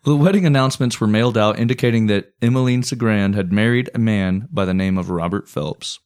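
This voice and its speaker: A man co-hosting a casual comedic history podcast, telling the story with wry deadpan asides and casual swearing. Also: lowish voice, fairly quick, clear, resonant tone. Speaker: podcast co-host.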